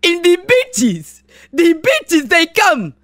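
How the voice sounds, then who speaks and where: Guy playing a sneaky cartoon leprechaun, cheesy fake brogue, high voice bouncing all over the place. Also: wildly swooping pitch, slow pace, fairly bright tone, dry recording, studio quality, full character voice. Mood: coaxing. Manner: bad put-on brogue, calls people boyo and bucko.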